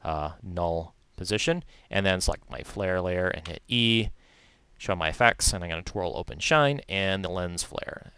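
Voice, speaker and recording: A man walking through a software tutorial in a relaxed, chatty way, correcting himself and adding light asides. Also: deep voice, smooth, no echo. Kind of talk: screen-recorded software tutorial.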